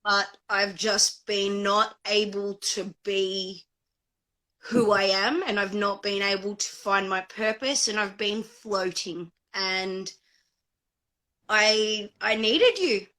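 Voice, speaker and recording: A woman guest on a live video chat, speaking emotionally and haltingly about a hard time. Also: mid-range voice, level tone, pushed and bright. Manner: emotional, halting, searching for words. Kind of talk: casual live-stream chat.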